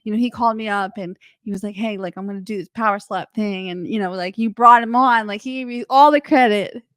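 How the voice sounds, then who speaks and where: A woman's voice: medium pitch, a little fast, no echo. A woman hosting a casual interview podcast, playful, laughing often and swearing freely. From Puerto Rican heritage. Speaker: podcast host.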